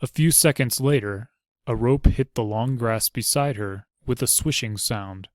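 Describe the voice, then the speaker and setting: A man narrating an audiobook in a steady, even storytelling manner. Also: mid-range voice, a little slow, no room sound, clean studio sound.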